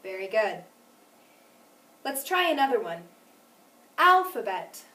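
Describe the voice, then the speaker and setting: Woman teacher for a phonics lesson. Bright, higher voice with a lot of lift, clear and deliberate, with each example word stressed. Recorded in an echoey room with the mic set back. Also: very animated, far from the mic.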